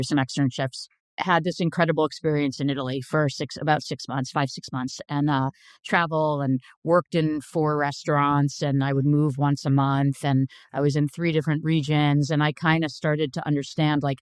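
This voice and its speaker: A woman's voice: deep voice, a little mellow, clear, resonant tone, dry recording, clean studio sound. A woman in her fifties, a chef telling anecdotes in a casual interview, blunt and chatty with lots of "like" fillers. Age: 50s. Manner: blunt, swears freely.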